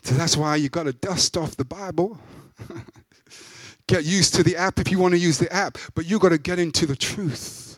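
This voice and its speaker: High-voiced preaching man, dry sound. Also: normal speed, no room sound. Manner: emphatic, rising into loud peaks. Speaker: pastor. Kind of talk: sermon.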